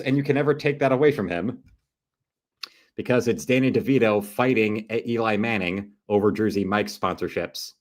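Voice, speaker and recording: A man's voice: fairly low pitch, normal speed. A man streaming live and commenting casually on a football broadcast, rambling and cracking crude jokes. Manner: rambling, joking, crude asides.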